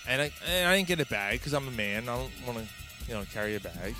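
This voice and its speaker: A man hosting a podcast, telling a story in a casual, animated way and swearing often. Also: mid-range voice, fast, music in the background. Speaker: podcast host.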